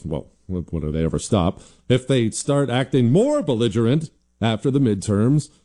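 A man hosts an opinionated commentary show. His voice is deep-set and very mellow, with no brightness at all. He drives his points home combatively, repeating lines for emphasis. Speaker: political commentary host.

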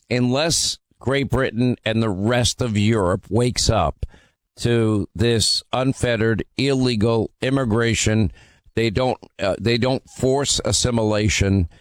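A man's voice: mid-range voice, dry recording. A male talk radio host speaks in a mid-range voice and sounds emphatic. He often stalls on fillers and restarts his sentences. The studio sound is close and dry.

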